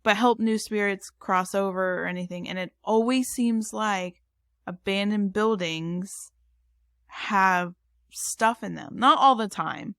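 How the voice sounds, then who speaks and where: A woman co-hosts a podcast in a chatty, rambling manner, full of fillers and restarts. Her voice is mid-pitched and recorded dry and close. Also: takes it slowly, fairly bright tone, clean tone, no room sound. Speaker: podcast co-host. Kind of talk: casual chat.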